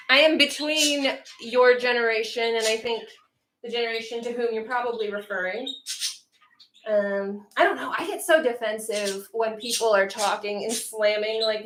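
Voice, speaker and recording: American woman, thirties, livestream host, chatty, answers chat, highish voice, roomy echo. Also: a bit bright. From United States. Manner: chatty, answers viewers by name, thinks aloud with fillers. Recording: echoey room with faint noise.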